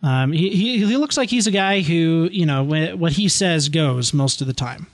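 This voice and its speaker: A man narrating as game master, talking in halting bursts with many restarts. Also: on the high side, animated, no echo.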